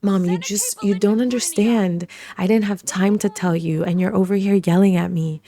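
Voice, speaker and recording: A woman's voice: medium pitch, fairly even intonation, moderate pace, warm tone, natural voice. Woman voicing a whiny upset teenage girl. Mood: frustrated. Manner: whiny, pleading.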